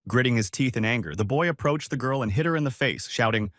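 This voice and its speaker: A man's voice: medium pitch, lively intonation, fast, few pauses, a bit bright, dry recording, studio quality. A man narrating a comic story recap in a scripted, storytelling way. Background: faint music.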